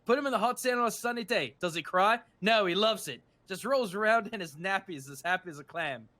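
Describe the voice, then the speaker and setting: Man doing a pushy tattoo artist, high voice, lively, bright. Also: brisk. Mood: pushy, chummy.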